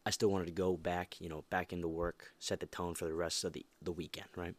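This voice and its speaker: A man's voice: sits low, level tone, fairly quick. A young man hosting a motivational podcast, talking casually and emphatically with many restarts and fillers. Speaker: podcast host.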